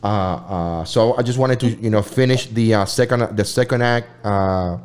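A man hosting a casual talk show, rambling and halting with many fillers. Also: fairly low pitch, clean tone. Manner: rambling, halting, lots of "you know". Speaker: host.

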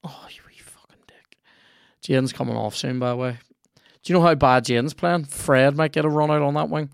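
Sweary gravelly man. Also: medium pitch, fairly even intonation, fairly quick, no echo. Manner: sweary, rambling, reacts aloud to the game. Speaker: podcast host. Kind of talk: casual chat while playing a video game.

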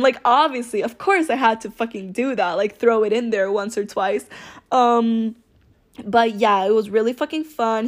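A young woman telling a story to her viewers in a casual, rambling way, full of filler words and very candid. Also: on the high side. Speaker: storytime vlogger.

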